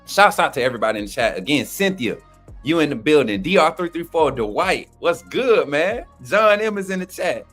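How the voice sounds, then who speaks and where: A man rattles off shout-outs to his live chat, excited and slangy. His voice leaps up and down in pitch as he gets louder. Soft music plays faintly behind him. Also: moderate pace. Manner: hyped, slangy, calls out chat names. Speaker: co-host. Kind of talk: casual livestream shout-outs.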